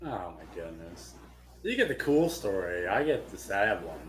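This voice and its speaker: Young man telling a lively story. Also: deep voice, a little slow, a little hiss or hum. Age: young adult. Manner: animated storyteller, swears freely. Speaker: podcast co-host. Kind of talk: casual chat.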